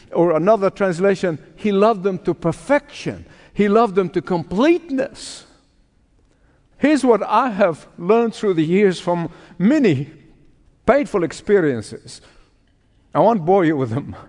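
A male pastor delivering a sermon with a fairly high voice, driving his points home through repetition and calls to the congregation. The sound carries the long reverb of a church sanctuary.

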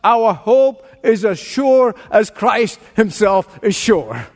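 A man's voice: high voice, lively intonation, takes it slowly, long reverb tail. A man preaching a sermon, earnest, with a storytelling aside. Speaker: pastor.

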